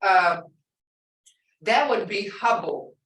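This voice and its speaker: A woman's voice: medium pitch, lively intonation, slow, a bit bright, reverberant, recorded from a distance, low-quality recording. An older woman teaching a language class, chatty and storytelling, repeating words for emphasis.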